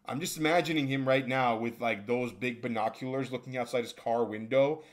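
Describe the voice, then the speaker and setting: A man's voice: mid-range voice, steady tone, fairly quick. A young man giving sarcastic, mocking reaction commentary for an online video. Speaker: commentary youtuber.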